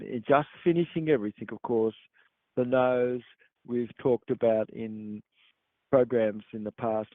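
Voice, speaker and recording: A man hosting a show, explaining at length in a halting, rambling way with many fillers. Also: medium pitch, dry recording. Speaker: podcast host. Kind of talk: meandering explanatory monologue. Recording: dry tinny phone-like sound.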